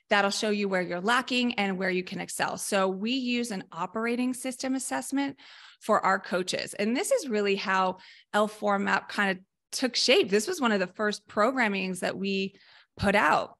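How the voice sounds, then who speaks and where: Energetic, emphatic woman coach explaining. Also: medium pitch. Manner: energetic and emphatic, often acting out short coaching lines. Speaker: mental performance coach. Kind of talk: explaining coaching methods in a podcast discussion.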